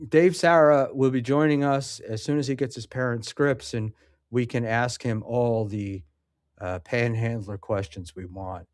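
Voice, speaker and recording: Slow, sarcastic man streaming from a dry mic. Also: mid-range voice, a little mellow, no room sound. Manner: rambling, sarcastic, many ums and restarts. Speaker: livestream host reading chat. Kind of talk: casual livestream chat.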